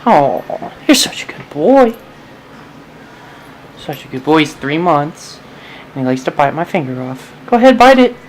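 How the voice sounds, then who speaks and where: A woman filming her puppy at home, cooing at it in high baby talk and giving it commands. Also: expressive, a little slow, pauses often, slight background noise. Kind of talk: home video, talking to a pet. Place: home, indoors.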